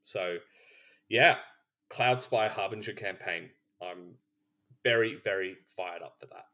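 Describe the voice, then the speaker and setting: A man's voice: deep voice, a little slow, pushed and bright. A man co-hosting a board game podcast, talking casually, rambling with restarts and laughing between points. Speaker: podcast co-host. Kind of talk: casual chat.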